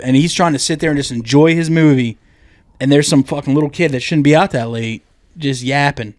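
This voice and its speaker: A man's voice: fairly high pitch, a little fast, no echo, clean studio sound. A man co-hosting a podcast, telling crude, jokey stories and acting out the people in them. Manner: crude, jokey storyteller who acts out loud quotes. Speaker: podcast co-host. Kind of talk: casual podcast banter.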